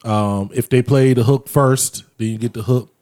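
A man's voice: medium pitch, moderate pace. A man hosting a podcast, talking casually and laying out the rules in a loose, easygoing way. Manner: relaxed, explains rules at a loose pace. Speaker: podcast host. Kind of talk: casual chat.

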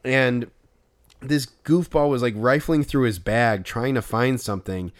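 Man, casual podcast chat, smooth clear voice, rambling storytelling, shouted acted-out quotes. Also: mid-range voice, measured pace. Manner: animated retelling with loud acted-out quotes and filler "like". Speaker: podcast co-host.

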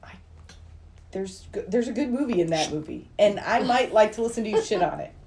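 A woman's voice: mid-range voice, animated, a little fast, a little mellow. A woman hosting a casual podcast, running through a film's cast list and bossing her co-hosts. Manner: bossy, reads cast lists. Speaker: podcast host.

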